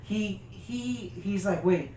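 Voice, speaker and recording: Male co-host, blunt casual recap, lo-fi dull sound, faint background hiss. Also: sits high. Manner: halting, searching for names, blunt swearing. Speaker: podcast co-host. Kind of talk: casual movie review chat. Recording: echoey lo-fi room with faint noise.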